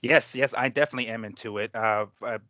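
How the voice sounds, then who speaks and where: A man's voice: mid-range voice, steady tone, fast, pushed and bright, no echo, highs cut off. A man on a boxing podcast panel, rambling and swearing freely with lots of fillers. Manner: rambling, profane, full of fillers. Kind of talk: casual boxing talk.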